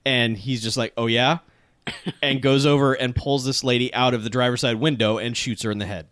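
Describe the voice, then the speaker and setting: A man's voice: medium pitch, steady tone, a little fast, fairly bright tone, no echo, clean studio sound. A man co-hosting a casual chat, recapping a film with sarcastic remarks. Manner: wry, sarcastic commentary.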